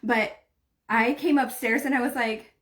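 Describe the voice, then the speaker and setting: Casting note: a woman with a slightly high voice, warm and earnest, giving spiritual coaching on a live stream and peppering her talk with "like.". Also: fairly even intonation, unhurried. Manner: earnest, heartfelt, leans heavily on "like" and "right?"; speaks direct encouragement to the viewer. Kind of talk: motivational livestream talk.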